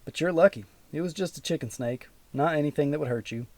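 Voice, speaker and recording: A man voicing an easygoing small-town sheriff in an audiobook, speaking in a folksy, relaxed way. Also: a little high, quick pace, no room sound, voice pushed up, close to an everyday voice.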